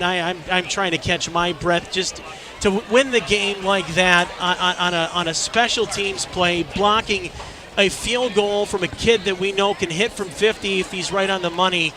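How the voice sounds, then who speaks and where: A man calling a local high school football game, excitable and shouting at big plays. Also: moderate pace. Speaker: play-by-play announcer. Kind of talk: local sports commentary. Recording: crowd noise behind.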